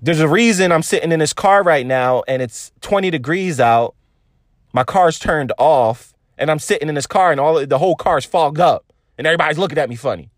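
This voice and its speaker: A man in his thirties talking to his phone from a parked car, in a rambling, excited monologue full of restarts. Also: a little high, a little fast, dry recording, clean studio sound. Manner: animated, rambling, stammering restarts. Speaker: vlogger reacting to an album. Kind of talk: casual emotional monologue.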